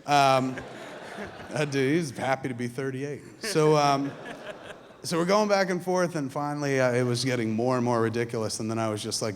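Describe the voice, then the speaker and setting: A man on a theatre stage spins a profane, rambling anecdote and switches into lively impressions of his friends as he goes. His mid-range voice carries into a long hall reverb. A faint hum of ambience sits behind him. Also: mid-range voice, moderate pace. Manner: profane, animated, mimics friends in quoted asides. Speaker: filmmaker telling stories on stage. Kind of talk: live stage storytelling.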